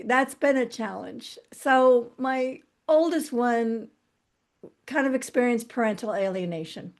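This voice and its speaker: A middle-aged woman as an interview guest, talking candidly and reflectively about her past, often restarting her sentences. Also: on the high side. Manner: earnest, reflective, halting with restarts. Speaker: guest author.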